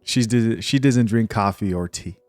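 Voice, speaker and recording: A man's voice: on the low side, measured pace, a little mellow, dry recording, clean studio sound, soft background music. A man hosting a reaction commentary show, talking in a blunt, slangy and incredulous way. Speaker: host.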